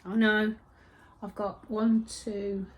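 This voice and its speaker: A woman hosting a crafting podcast, chatting casually and rambling, with soft whispered asides. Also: medium pitch, level tone, slow, slightly rough. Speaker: host of a knitting and spinning podcast. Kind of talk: casual chat.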